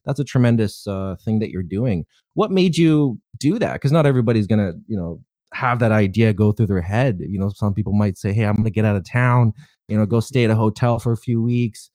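Male host, mellow low voice, rambling casual interviewer. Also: a little fast, dry recording, studio quality. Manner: rambling, many "you know" fillers.

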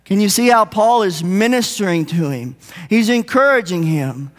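A man's voice: sits high, animated, moderate pace. A man preaching a sermon in an earnest, conversational way, in a church sanctuary. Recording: long hall reverb.

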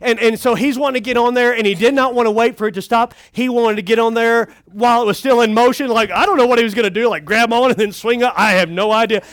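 A man's voice: very high voice, quick pace, hardly any pauses, a bit bright, dry recording. A middle-aged man, a pastor, telling funny family stories in a folksy camp sermon. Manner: folksy and humorous, acting out a child's cries.

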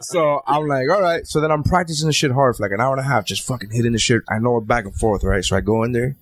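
A man with a Miami accent, hosting a podcast, telling a profane, animated story and acting out the dialogue. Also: medium pitch, fast. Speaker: podcast host. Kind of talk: casual chat, storytelling.

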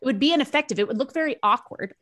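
A woman's voice: sits high, lively intonation, very fast, a bit bright. A woman business coach explaining her ideas as a podcast guest, fluent and methodical, often checking in with "right?". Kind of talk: conversational explaining.

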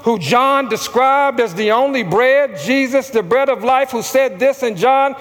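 A man's voice: very high-pitched, a little slow, fairly bright tone, long reverb tail. A man preaching a sermon as pastor, calling out questions for the congregation to answer back. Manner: preaching with call-and-response to the congregation.

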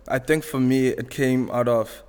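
A man's voice: medium pitch, steady tone, measured pace, darkish tone, smooth, long reverb tail. Laid-back young man from Zimbabwe. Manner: laid-back, laughs often, chatty slang. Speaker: podcast guest. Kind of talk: casual storytelling.

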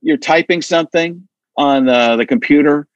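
A man talking casually as an interview guest, animated and full of restarts. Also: on the high side, normal speed, dry recording, dull audio. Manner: animated, stammering restarts, acts out voices. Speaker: impressionist guest.

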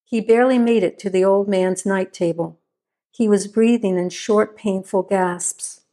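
A woman reading a suspense story aloud as narrator, in steady, measured scripted narration. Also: mid-range voice.

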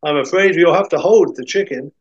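A man's voice: on the high side, brisk, slightly rough, pitched above the performer's own voice. A man doing a suave dry-witted British spy. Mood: wry. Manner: dry, understated wit. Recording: dull, dry recording.

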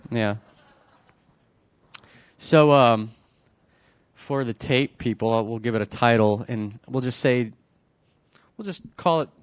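A man in his forties talking to his congregation more like a friend than a preacher. He jokes at his own expense and keeps things chatty. His voice sits at an ordinary middle pitch, captured dry and close with no room sound. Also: dry recording. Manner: joking, self-deprecating, chatty. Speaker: pastor. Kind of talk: conversational sermon. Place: church before a congregation.

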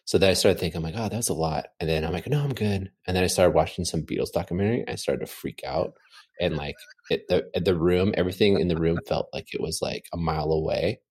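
Deep husky man telling a rambling story. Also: fast talker. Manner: animated storyteller, rambling with many fillers. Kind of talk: casual chat. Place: home.

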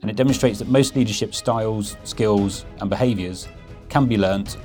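Man, low voice, scripted narration, measured, reflective, podcast outro. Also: darkish tone, soft background music. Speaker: podcast host.

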